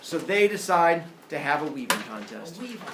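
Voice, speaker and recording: A man's voice: a little high, very animated, moderate pace, a crowd in the background. A young man teaching a class, retelling myths in a playful way with sound effects and asides. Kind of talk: animated classroom storytelling. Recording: echoey classroom, camera far off.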